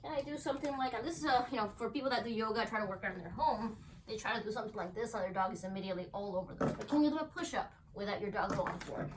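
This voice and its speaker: A woman's voice: medium pitch, very fast. A young woman dog trainer explaining to camera during a training demonstration at home, breaking off to praise her dogs cheerfully. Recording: distant camera mic, faint room noise.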